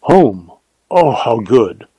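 A man voicing a proud, spirited young woman who speaks in a lively, imperious, teasing way. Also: medium pitch, extremely slow, breathy edge, no echo, dull audio, heavily acted.

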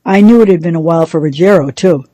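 A woman reading a novel aloud for a radio reading service, in a measured storytelling manner. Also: fairly low pitch, dark tone, no room sound, rough recording. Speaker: radio reader.

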